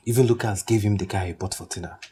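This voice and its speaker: An actor with a Nigerian accent playing a relaxed man who gossips while playing cards. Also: fairly low pitch, breathy edge. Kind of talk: Nollywood film acting.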